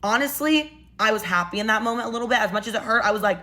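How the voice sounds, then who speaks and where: A young woman casually telling a personal story in a chatty, animated way with sassy asides. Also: fairly high pitch, fast talker.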